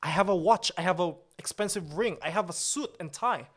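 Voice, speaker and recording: A man's voice: sits high, a little fast. A man playing a pompous, boastful, easily offended company boss on a comedic livestream, talking in an indignant, grandiose way.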